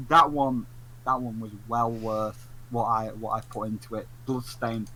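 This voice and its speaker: A man hosting a casual podcast chat, animated and joking, slipping into theatrical asides. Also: medium pitch, normal speed, low-quality recording. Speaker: podcast host.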